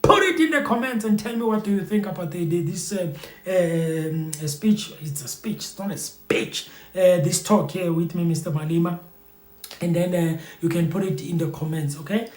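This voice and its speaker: A man's voice: high-pitched, normal speed, reverberant. A man giving loose, rambling commentary to his viewers, full of fillers and repeated phrases. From South Africa. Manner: rambling, repetitive, heavy with fillers. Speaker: YouTube commentator. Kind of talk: casual spoken commentary to viewers.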